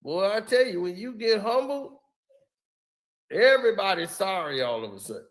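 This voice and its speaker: A man hosting a casual live stream chat, talking in animated slang and laughing often. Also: sits high, normal speed.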